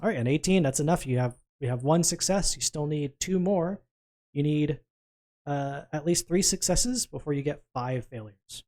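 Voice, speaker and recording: Acting as game master, a man whose voice is fairly high in pitch yet darkish in tone briskly asks for dice rolls and describes what happens next.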